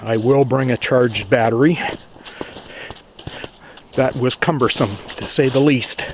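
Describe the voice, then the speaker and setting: A man narrating a casual vlog at his small off-grid cabin, talking slowly and plainly to himself with sighs and asides. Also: mid-range voice, slight background noise. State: out of breath. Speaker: cabin owner filming his visit.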